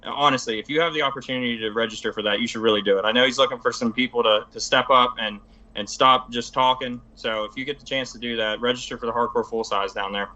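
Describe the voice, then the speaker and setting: A man's voice: medium pitch, steady tone, fast talker, bright, forceful tone, dull audio. A man chatting as a guest on a casual show, rambling eagerly with many filler phrases. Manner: rambling, eager, heavy on "you know". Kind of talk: casual chat.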